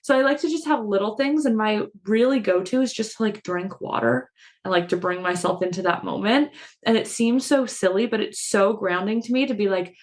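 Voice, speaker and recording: A woman's voice: medium pitch, fairly even intonation, brisk. A woman co-hosting a casual spiritual podcast, chatty and self-mocking, laughing often as she talks. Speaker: podcast co-host. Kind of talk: casual chat.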